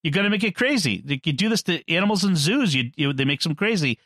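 A man's voice: fairly high pitch, expressive, quick pace, fairly bright tone, dry recording, clean studio sound. A man in a casual film discussion, retelling the plot, acting out the characters' lines and laughing often. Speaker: podcast co-host.

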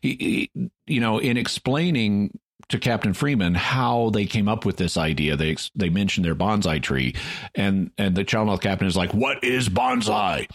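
A man's voice: lowish voice, moderate pace, no echo, studio quality. A man co-hosting a podcast, recapping a show with frequent restarts and acted-out quotes. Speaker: podcast co-host. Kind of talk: casual chat, recapping an episode.

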